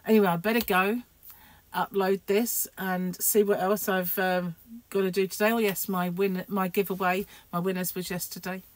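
A woman's voice: medium pitch, level tone, moderate pace, no echo. A middle-aged woman, chatting to camera in a rambling, self-deprecating way. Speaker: crochet vlogger. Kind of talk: casual chat to camera.

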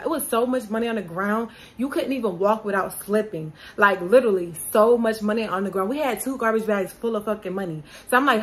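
A woman's voice: fairly high pitch, fast talker, hardly any pauses, fairly bright tone, rough recording. A woman vlogging in casual chat, blunt and profane, talking straight to her viewers.

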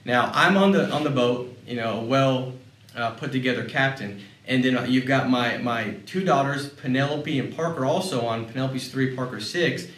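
Guy giving a pep talk to salespeople, lively storyteller, stumbles and repeats words, echoey room, mic kinda far off. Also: medium pitch, normal speed. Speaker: sales leader speaking on a panel. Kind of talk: motivational talk with personal stories. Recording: roomy sound, mic at a distance.

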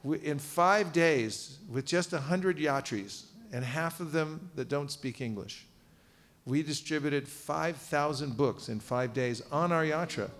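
A man leading a lively seminar for a live audience, playful and animated, getting the room to repeat phrases after him. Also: on the high side, measured pace. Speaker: seminar teacher on book distribution. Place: seminar room at a cultural center.

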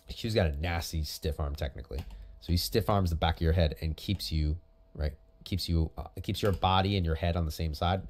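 Low-voiced man coaching jiu-jitsu footage. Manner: animated, coaching, chatty asides. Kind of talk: casual video commentary.

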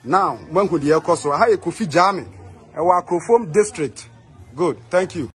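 A man with a Ghanaian accent giving a casual, halting walking tour to camera, pointing things out and repeating himself. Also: a little high, expressive, faint music behind. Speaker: vlogger touring a school.

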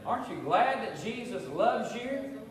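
High-voiced preacher in an echoing church. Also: male voice, sing-song, a little slow, crowd noise. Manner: emphatic preaching with call-and-response and repetition. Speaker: pastor. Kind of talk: sermon. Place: church sanctuary. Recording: echoey church hall, voice from far off.

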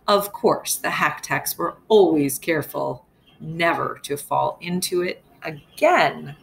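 A gravelly, low-voiced woman, recorded with a bit of hiss or hum, leads a storybook lesson for little children. Her reading is slow and full of expression, broken up by questions for the young audience.

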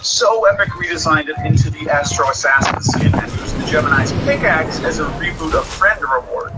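A man's voice: on the high side, animated, fairly quick. A man giving chatty, opinionated scripted narration for a gaming video. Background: loud background music.

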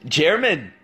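A young man from England on a phone live stream, chatting playfully and giggling as he tries out silly accents. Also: high voice. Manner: playful, giggly, jumps between joke accents. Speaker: band member hosting a live stream. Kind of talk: casual chat doing silly accents.

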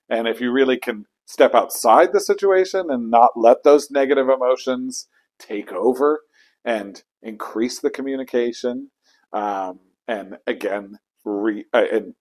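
A man who conducts choirs, speaking reflectively in an interview and acting out inner voices with sudden high exclamations. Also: rough recording. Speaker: choral conductor. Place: church.

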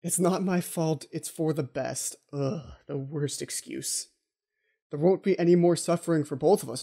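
A man's voice: fairly high pitch, moderate pace, gravelly, warm tone. Jittery man voicing horror game commentary. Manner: jumpy and anxious, repeating pleas. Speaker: gaming channel host.

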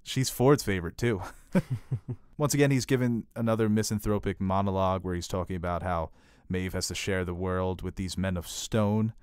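A man hosting a casual podcast discussion about a TV episode, animated and given to acting out quotes. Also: low voice, moderate pace, clear, resonant tone, dry recording, studio quality. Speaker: podcast host.

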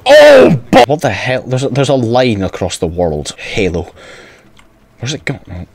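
A man's voice: on the low side, expressive, a little slow, darkish tone. A young man giving sweary, exasperated comedic commentary over gameplay. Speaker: gaming YouTuber.

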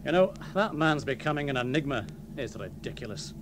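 A man's voice: medium pitch, animated, fairly quick, close to an everyday voice. Radio play: man voicing a curious ship's officer; noisy old recording. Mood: wry. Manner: wry, questioning.

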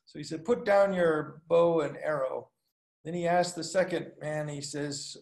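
A man preaching a sermon as a pastor, telling a story with halting pauses and fillers, lifting his voice for the dialogue. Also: a little high, fairly even intonation, vocal fry, darkish tone, reverberant. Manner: storytelling, acts out dialogue with lifted voice; halting, many fillers and restarts. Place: recorded for a video call.

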